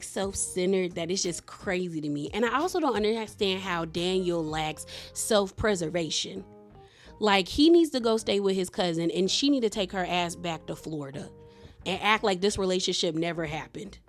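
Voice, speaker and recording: A woman's voice: medium pitch, a little slow. Female reviewer, casual and opinionated, talking over faint background music. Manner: chatty, opinionated, heavy use of "like" and slang. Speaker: TV show reviewer. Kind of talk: casual commentary recap.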